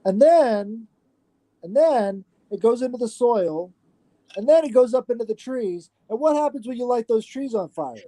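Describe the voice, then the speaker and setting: Man, podcast guest, very dark mellow voice, animated, profane, dry sound. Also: very high-pitched, normal speed, no echo. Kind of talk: casual podcast chat.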